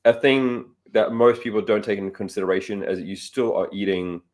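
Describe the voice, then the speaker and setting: A man's voice: on the low side, a little fast. A man, a fat loss coach guest on a radio show, confidently explaining diets. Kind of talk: casual radio interview.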